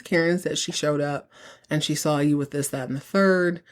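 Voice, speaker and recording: A woman hosting a podcast, recapping episodes in a chatty, sassy way with quick asides. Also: deep voice, fairly even intonation. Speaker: podcast host.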